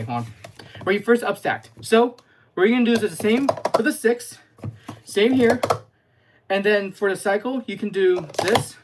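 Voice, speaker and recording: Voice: mid-range voice, noisy background. Chatty livestream stacking tutor, clattering cups. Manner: chatty, addresses live chat, explains step by step. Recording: clear clatter of plastic cups.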